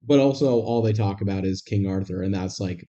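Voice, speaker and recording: A young man co-hosting a podcast picks apart movie logic in a wry, rambling, analytical way. His voice is low and mellow, he talks fairly quickly, and the recording sounds dull and lo-fi.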